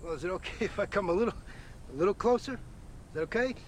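A man's voice: high-pitched, animated, quick pace, a little hiss or hum. An actor playing a nervous gunman who pleads and chatters to talk his way closer, in a TV drama. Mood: wheedling. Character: nervous, wheedling male gunman. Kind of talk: TV drama acting. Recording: faint outdoor ambience.

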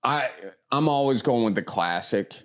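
A man from the American Midwest answering rapid questions in an easygoing, rambling way. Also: mid-range voice, animated, a bit bright. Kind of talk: casual chat.

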